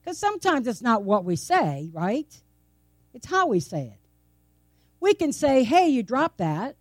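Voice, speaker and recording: Lively woman preaching a sermon. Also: on the high side, unhurried, dry recording, clean studio sound. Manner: conversational, asks many rhetorical questions; playful, laughs often. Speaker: pastor. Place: church.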